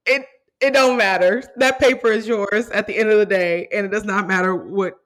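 A young adult woman hosting a podcast in casual chat, animated and quick to laugh, with playful teasing. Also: medium pitch. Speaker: podcast host.

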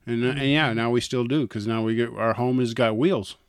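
A man's voice: medium pitch, steady tone, a little fast, smooth, no room sound, studio quality. An older man from North Dakota, a guest telling stories in an easygoing, folksy way. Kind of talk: casual interview chat.

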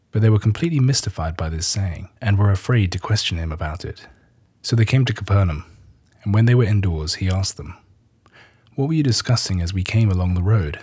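A lowish, husky male voice reads scripture at a measured pace. He lifts the quoted lines with a gentle touch of drama and keeps the narration calm and steady. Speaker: scripture reader.

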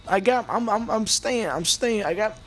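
On his own podcast, a man in his forties rants in a casual, profane monologue, swearing heavily and restarting sentences as he gets heated. His voice is on the high side and a bit bright, delivered at a moderate pace close into a home mic with a homemade pop filter, with soft music playing behind him.

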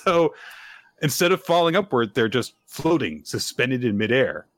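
Animated male podcast host, dry close mic. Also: mid-range voice, moderate pace, no room sound. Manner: animated storyteller, laughs often. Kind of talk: casual comic recap chat.

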